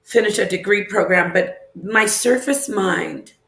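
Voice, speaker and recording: A woman's voice: mid-range voice, measured pace, gravelly, a bit bright. A woman hosting a casual livestream, chatting loosely, reacting to viewer comments and asking them questions aloud. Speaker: livestream host. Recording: roomy echo.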